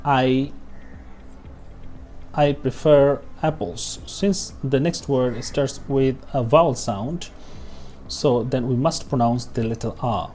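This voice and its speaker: A man's voice: mid-range voice, a little slow, darkish tone, soft background music. A man teaching pronunciation over a lesson walkthrough, repeating example words and often checking in with "okay?". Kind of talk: screen-share lesson walkthrough.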